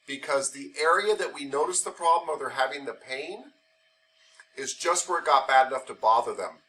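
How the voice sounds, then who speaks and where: Bright-voiced male instructor lecturing. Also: mid-range voice, recorded from a distance, slight background noise. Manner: conversational, uses playful hypothetical examples. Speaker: massage therapy instructor. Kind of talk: classroom lecture. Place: classroom.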